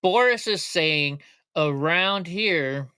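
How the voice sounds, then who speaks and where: A man's voice: a little high, expressive, slow, sharp tone, clear, resonant tone, dry recording, clean studio sound. A middle-aged man from Alaska hosting a casual livestream, rambling and joking as he reads chat comments aloud. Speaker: livestream host.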